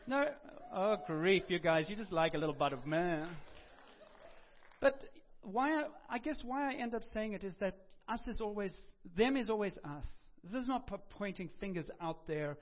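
A man preaching a sermon with passion, moving from loud urgent appeals to quiet, reflective prayer. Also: high voice, lively intonation, normal speed, hardly any pauses, dull audio.

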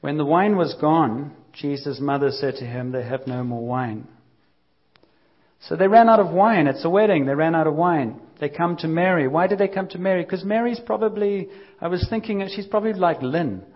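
A man gives a conversational sermon and lets his voice rise and fall as he acts out the lines of the story. His voice sits somewhat high. The recording sounds muffled and lo-fi. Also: a little fast, few pauses. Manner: lively, conversational storytelling with acted-out quotes. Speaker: preacher.

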